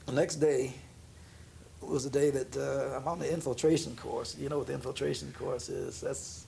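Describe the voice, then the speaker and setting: A man, a jazz pianist being interviewed, telling a story in a relaxed way, laughing often and acting out the voices of the people in it. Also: mid-range voice, moderate pace, gravelly, a little hiss or hum. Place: room in an apartment.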